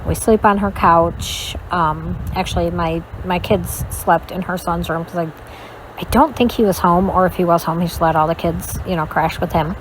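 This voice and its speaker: A woman with a slightly low voice tells a personal story in a casual storytime while she plays a game. She talks candidly and rambles, with frequent fillers and self-corrections. Steady background noise runs under her voice. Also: normal speed, rough recording. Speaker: channel host telling a personal story.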